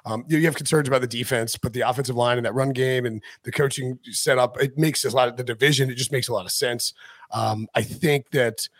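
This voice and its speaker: A man's voice: mid-range voice, fairly quick, dry recording. A man talking football on a podcast in a casual, rambling way with lots of fillers. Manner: rambling, filler-heavy, animated asides. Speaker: podcast analyst. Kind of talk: casual chat.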